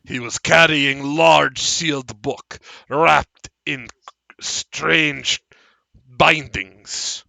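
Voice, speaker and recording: A man voicing a strange, excitable male dwarf who speaks in loud, formal, clipped sentences. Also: on the high side, drawn-out words, vocal fry, no echo, pitched above the performer's own voice, exaggerated voice. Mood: agitated.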